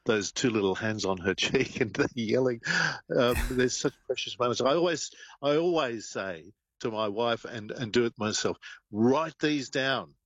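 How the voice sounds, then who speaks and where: A man's voice: medium pitch, normal speed, dry recording, lo-fi sound. An older man, co-hosting a radio show and sharing anecdotes with many fillers. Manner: warm anecdotal, hesitant with fillers. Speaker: co-host. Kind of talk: radio talk.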